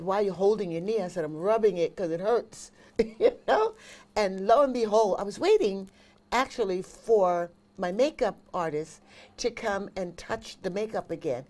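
A woman's voice: mid-range voice, moderate pace. A woman, a singer and vocal coach, chatting as an interview guest and telling stories with emphatic repetition. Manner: animated storyteller, emphatic repetition.

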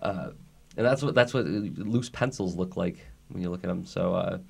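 A man's voice: low-pitched, moderate pace, creaky, darkish tone, breathy edge. A man with a nasal voice hosting a casual chat, chatty and rambling, laughing often. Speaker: podcast host.

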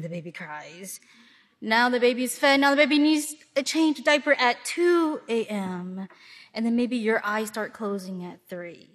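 A woman from the Upper Midwest preaching to a congregation, her voice sitting on the higher side. She speaks in a lively storytelling manner and breaks into little acted-out asides. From Milwaukee, Wisconsin. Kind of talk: sermon.

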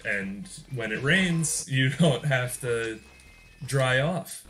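A man's voice: medium pitch, animated, drawn-out words, a bit bright. Rambling, jokey young man narrating gameplay. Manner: rambling, joking, laughs often mid-sentence. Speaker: gaming channel host. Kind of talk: casual gameplay commentary.

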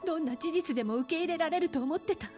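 An actress voicing a troubled young woman in a video game, speaking softly and hesitantly. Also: very high-pitched, racing, over music. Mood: fearful, sad. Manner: soft, hesitant, apologetic speech. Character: troubled young adult woman, game heroine, soft-spoken.

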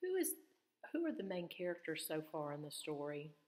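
A woman's voice: sits low, big pitch swings, moderate pace, a little mellow. A woman teacher reads a children's storybook aloud and stops to ask her students questions about the story. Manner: asks questions to check students' understanding. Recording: echoey room with long reverb.

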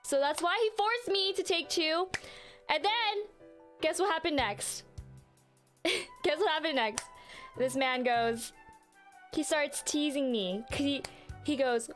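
A woman streaming a video game, chatting casually and telling stories in an animated way, with plenty of fillers and casual swearing. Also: high-pitched, measured pace, soft background music. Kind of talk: casual chat while playing a game live.

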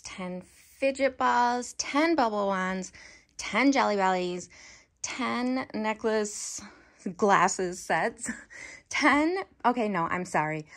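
A woman in her forties, a mother of a large family, chatting casually and upbeat in a shopping vlog, listing items out loud. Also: medium pitch. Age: 40s.

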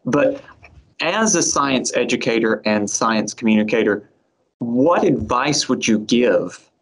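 A man interviewing a guest, asking questions in a measured, encouraging way. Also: medium pitch, lively intonation, a bit bright, poor audio.

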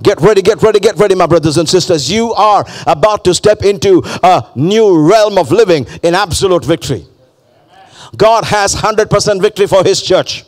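A man's voice: sits high, moderate pace. A male pastor preaching a fervent sermon, repeating phrases and calling on the congregation to respond.

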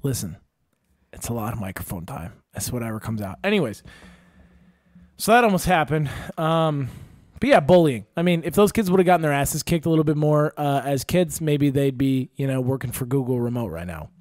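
A young stand-up comedian from Wisconsin hosts a casual podcast, his mid-range voice running a little fast. He tells rambling, profane stories with lots of energy, and the recording is studio quality with no echo.

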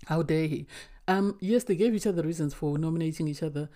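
A woman's voice: sits low, fast talker, mellow. Opinionated woman recapping reality TV. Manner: opinionated, emphatic, exasperated asides. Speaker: reality TV reviewer. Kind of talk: casual recap commentary.

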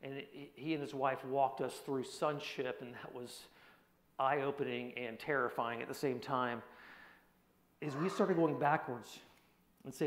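A man preaching a personal testimony sermon in an earnest voice, dropping to a hushed tone at heavy moments. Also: mid-range voice, a little slow, pauses often. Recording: echoey hall.

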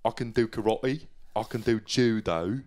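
A man doing a deadpan impression of a menacing action hero who lists his skills in a slow, low voice. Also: slight background noise, close to an everyday voice.

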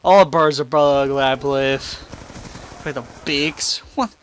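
Unhurried and medium-pitched, a young man hosting a gaming channel rambles and swears over gameplay in a room at home, making fun of himself as he goes. His face cam desk mic adds a slight hiss or hum.

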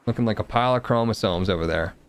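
A man's voice: lowish voice, fast talker, smooth. A man streaming a colony game, giving casual, joking commentary and muttering to himself as he plays.

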